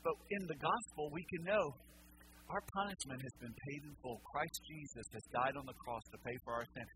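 Animated male pastor preaching. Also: on the high side, brisk, a little hiss or hum, low-quality recording. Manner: animated storyteller, self-mocking humor. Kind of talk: sermon with a funny personal story. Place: church sanctuary.

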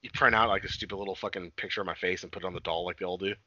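Young man, casual rambling chat, bright tense voice, dull recording. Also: low voice, fairly even intonation, racing, no room sound. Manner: rambling, profane, laughing, acts out quotes. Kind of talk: casual chat recapping a show. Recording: dull dry lo-fi audio.

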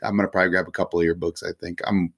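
A man's voice: sits low, level tone, rapid-fire, fairly bright tone, slightly rough. A man hosting a podcast, chatting casually with his guest, laughing often and reacting with enthusiasm. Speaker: podcast host. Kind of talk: casual interview chat.

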